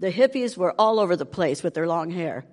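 A woman's voice: fairly low pitch, fairly quick, big-room sound. An older woman tells her testimony animatedly, acting out the voices of the people in her story. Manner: animated, acts out quoted voices. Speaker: speaker giving a testimony.

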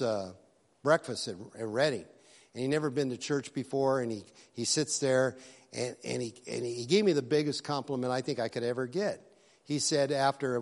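Male pastor, somewhat high voice, relaxed storytelling sermon with asides, long hall reverb. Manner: conversational storytelling preaching with asides.

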